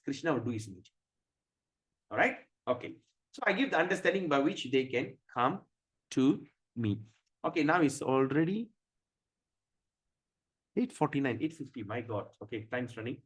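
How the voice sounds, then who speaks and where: A man giving a religious class lecture. He asks rhetorical questions and pauses to search for words. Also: mid-range voice, lively intonation. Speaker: spiritual teacher.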